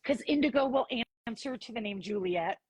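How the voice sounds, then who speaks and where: A woman guest on an interview podcast, telling a personal story in an animated way and acting out the dialogue. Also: fairly high pitch, a little fast, crowd noise. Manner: animated, acts out dialogue in her stories.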